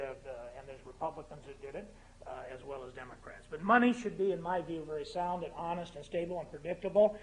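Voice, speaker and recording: A man in his fifties giving a political speech in a university lecture hall, building to fervent, emphatic crescendos between humorous asides. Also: high voice. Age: 50s. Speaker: guest speaker.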